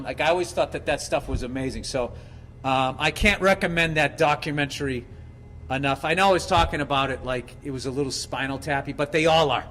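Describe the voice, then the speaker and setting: Middle-aged male host, slightly high voice, loose profane rambling monologue, faint background hiss. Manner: profane, rambling, animated storytelling with acted-out quotes.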